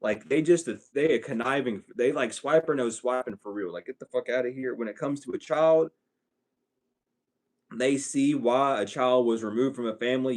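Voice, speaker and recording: A man's voice: mid-range voice, darkish tone. A man giving a blunt, profane, ranting spiritual reading to his viewers as an online psychic reader.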